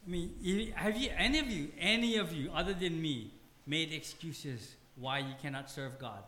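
A man's voice: fairly high pitch, normal speed, bright, forceful tone. A male pastor with a Hawaiian Pidgin English accent, preaching a humorous, emphatic, self-deprecating sermon. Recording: roomy hall with faint ambience.

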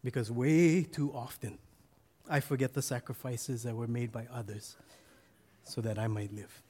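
A man's voice: medium pitch, fairly even intonation, normal speed, mellow. A man giving a sermon as pastor, telling a story with asides and restarts.

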